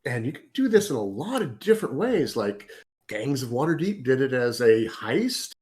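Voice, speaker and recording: Animated, enthusiastic man chatting. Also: medium pitch, normal speed. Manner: enthusiastic, animated storytelling with hesitations. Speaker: guest, game author and designer. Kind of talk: casual interview chat.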